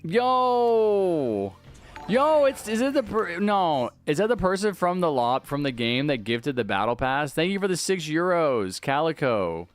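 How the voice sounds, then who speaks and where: A man's voice: a little high, big pitch swings, measured pace, soft background music. A man live-streaming a video game, chatting casually, reading viewer messages aloud and thanking donors. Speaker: livestreaming gamer.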